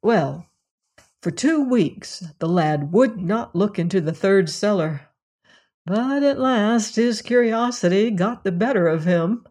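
A storyteller reading a fairy tale aloud in a slow, measured manner. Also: mid-range voice, animated, darkish tone.

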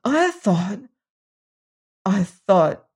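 A man's voice: high voice, very animated, extremely slow, darkish tone, slightly rough, full character voice. A narrator voicing a cringing, blackmailing male servant who pleads with tremulous eagerness and turns silky. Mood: startled. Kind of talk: audiobook character reading.

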